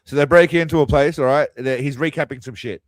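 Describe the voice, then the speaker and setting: A man's voice: mid-range voice, fast talker, background noise. A man hosting a crude, mocking movie commentary, tossing out quiz-style asides. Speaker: host. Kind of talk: sarcastic movie riffing commentary.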